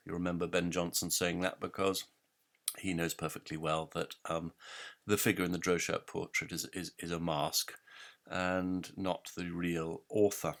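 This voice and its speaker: A man giving an explanatory lecture, halting often with ums and reading quotations aloud. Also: low voice, fairly even intonation. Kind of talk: explanatory lecture on literary history.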